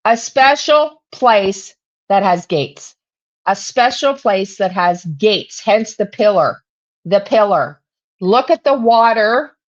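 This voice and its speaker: A woman's voice: medium pitch, expressive, takes it slowly, highs cut off. Woman pulling tarot cards aloud. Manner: repeats questions to spirit, thinks aloud. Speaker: tarot reader and true crime channel host.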